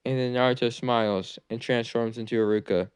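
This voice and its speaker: A man's voice: mid-range voice, steady tone, fairly quick, smooth, dry recording. A man casually narrating a fan-made what-if anime story, rambling with fillers and restarts.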